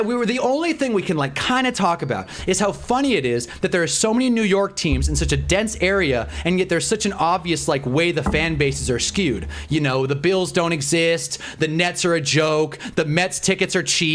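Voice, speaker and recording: Young guy streaming, rambly and animated, kinda high voice. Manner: animated, rambling, self-mocking. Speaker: livestreamer. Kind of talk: casual storytelling on a live stream.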